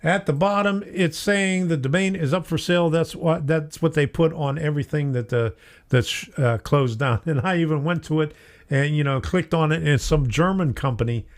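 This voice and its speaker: A man's voice: medium pitch, darkish tone. A middle-aged man hosting a casual hobby live stream, chatty, laughing often and reading viewer comments aloud. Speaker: host of a model train live stream.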